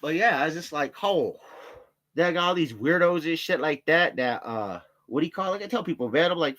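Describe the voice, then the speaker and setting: Animated and fairly quick, this young man's slightly bright, higher voice carries a casual rant to camera for his viewers. The vlogger rambles, swears a lot, and imitates others in raised voices while storytelling.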